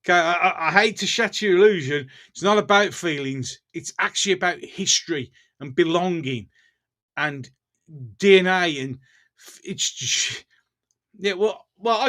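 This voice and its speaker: Speaking at a moderate pace in a high-pitched, somewhat bright voice, this English man with a Birmingham accent runs a laid-back live stream. He chats bluntly with viewers, often laughs between comments, and tends to go off on rants.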